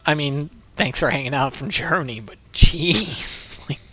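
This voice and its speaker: A man's voice: fairly high pitch, measured pace, sharp tone, slightly rough. Chatty male streamer, rambling while playing. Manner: rambling, chatty, swears casually. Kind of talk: casual livestream commentary while playing.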